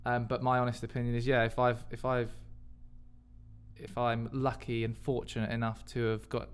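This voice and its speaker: A man's voice: mid-range voice, monotone, moderate pace, smooth. A man co-hosting a podcast, teasing his partner in casual chat. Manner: teasing, laughs often. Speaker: podcast co-host.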